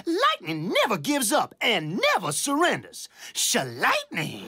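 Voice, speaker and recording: A woman's voice: medium pitch, huge pitch swings, measured pace, pushed and bright, breathy edge, no echo, full character voice. A woman voicing a cocky young male athlete who brags and talks about himself in the third person. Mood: boastful. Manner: boastful, brash.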